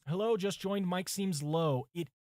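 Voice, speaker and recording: A man's voice: sits high, measured pace, a little mellow, no room sound, clean studio sound. A male pastor preparing a sermon on a livestream, reading commentaries aloud, thinking aloud and chatting with viewers, with his mic set some way from him. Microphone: mic set far from him.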